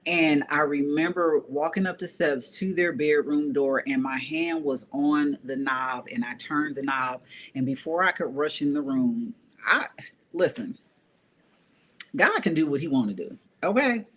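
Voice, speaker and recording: A woman's voice: sits low, measured pace. A woman guest telling a personal story in a casual, earnest way, often repeating phrases for emphasis. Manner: conversational, with frequent fillers.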